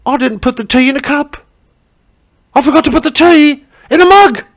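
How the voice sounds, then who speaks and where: A man's voice: very high voice, normal speed, voice pushed up. A man playing a hapless English stand-up comic from Essex with a put-on English accent, rambling and stumbling while eagerly asking the crowd "right?". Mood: bewildered. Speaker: comedian. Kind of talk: character stand-up comedy.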